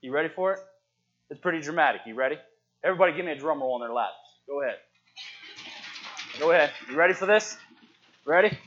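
A man preaching a sermon in a church, calling out to the congregation and swinging from hushed asides to shouts. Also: fairly high pitch, animated, fast talker, pauses often. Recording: dull lo-fi sound.

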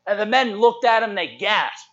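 A man preaching a sermon in a church, calling out to the congregation and swinging from hushed asides to shouts. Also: sits high, animated, moderate pace. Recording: dull lo-fi sound.

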